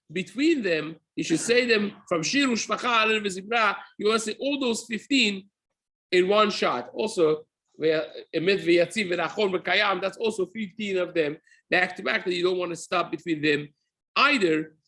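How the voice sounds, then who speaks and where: A middle-aged rabbi leads a daily study session, his voice pitched high with a bright, slightly husky tone. He explains patiently, circling back to rephrase points and dropping Hebrew terms into his English. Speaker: rabbi teaching daily halacha. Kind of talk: spoken Torah class.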